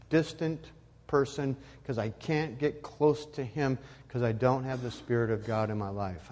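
A man preaching a sermon as pastor, animated and emphatic, with loud rising peaks. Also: mid-range voice, big-room sound.

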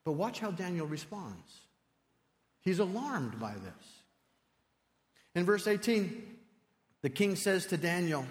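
A male preacher delivering an animated sermon, swinging from loud to hushed, in a church sanctuary. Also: on the high side, measured pace, pauses often. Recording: long reverb in a large hall.

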